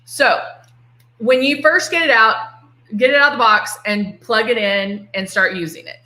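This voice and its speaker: In an echoey room, a middle-aged woman from Texas runs a casual live-stream makeup demonstration, chatting playfully and greeting viewers by name. Her Texan-accented voice is on the high side, bright and forceful, at a normal speed.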